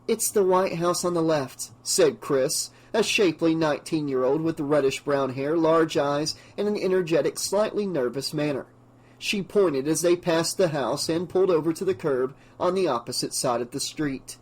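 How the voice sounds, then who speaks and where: A man narrating an audiobook with a steady, measured reading. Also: on the high side. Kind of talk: scripted narration.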